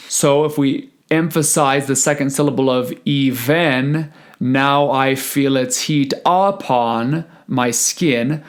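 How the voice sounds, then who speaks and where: A man who is a choral conductor, explaining rehearsal methods in a deliberate presentation. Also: medium pitch. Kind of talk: recorded conference presentation.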